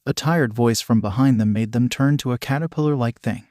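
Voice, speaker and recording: A man narrates a fanfiction story in an even, matter-of-fact read. His voice sits at a middle pitch. The recording is dry and close, with no room sound. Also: a little fast, few pauses, dry recording. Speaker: fanfiction reader. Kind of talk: scripted narration.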